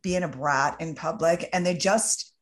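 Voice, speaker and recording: Earnest, lower-voiced woman podcast host. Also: unhurried. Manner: earnest and emphatic, many fillers like "you know, like". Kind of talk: casual conversational chat.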